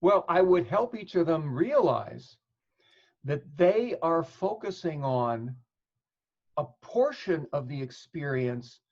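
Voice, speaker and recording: A man with a somewhat high voice, explaining things patiently as a therapist in an interview. He builds his points with examples and plays out bits of dialogue. The audio is dull and lo-fi. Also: sing-song, slow pace, darkish tone. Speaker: psychotherapist guest.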